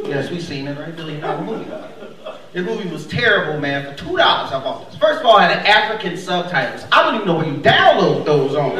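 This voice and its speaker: A young man with a high voice works through a stand-up set and jumps into sudden character voices. He is heard from some distance in a very echoey club. A crowd laughs loudly all around him. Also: fast talker. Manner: animated, acts out characters with big pitch jumps. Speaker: stand-up comedian. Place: comedy club stage before a laughing crowd. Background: audience laughter.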